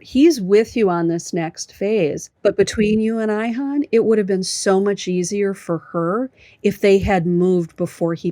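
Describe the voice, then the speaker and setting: A woman senior living consultant recounts family moves in a warm-hearted interview. She tells anecdotes with lively quoted dialogue. The sound is dry and close, with no room echo. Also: mid-range voice. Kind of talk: conversational interview storytelling.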